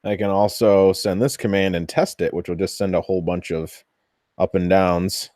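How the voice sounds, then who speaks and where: A man hosting a casual workshop build vlog, chatty and thinking aloud as he tests his machine, easily excited when something works. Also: low voice, moderate pace, dry recording, clean studio sound. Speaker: 3D printing hobbyist host.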